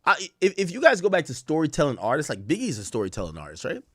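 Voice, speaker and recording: A man's voice: fairly high pitch, wildly swooping pitch, quick pace, bright, forceful tone, breathy edge, no room sound, clean studio sound. A man hosting a live stream, rambling casually with lots of "like" and "you know" while he explains street slang to his viewers. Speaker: stream host reacting to rap songs.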